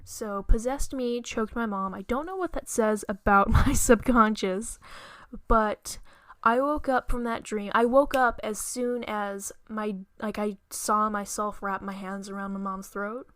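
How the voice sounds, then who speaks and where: A young woman hosting a podcast, telling a frightening dream in an earnest, halting way with many restarts. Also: mid-range voice, fairly even intonation, a bit bright, no echo. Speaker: podcast host. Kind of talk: storytelling monologue.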